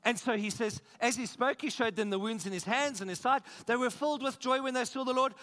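A South African man preaching a sermon as pastor, emphatic and energetic, repeating phrases and asking the congregation questions. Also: very high-pitched, brisk. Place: church.

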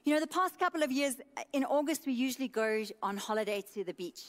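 A woman's voice: high voice, animated, quick pace. A woman pastor in her thirties preaching a sermon with an emphatic, repetitive cadence.

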